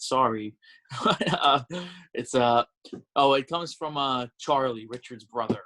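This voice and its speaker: A man's voice: medium pitch, fairly even intonation, slow, bright, forceful tone. A man hosts a laid-back sports podcast. He lays out his predictions with firm, emphatic conviction and moves the show along by reading listener questions. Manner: confident, emphatic picks. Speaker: podcast host. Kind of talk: casual sports podcast talk.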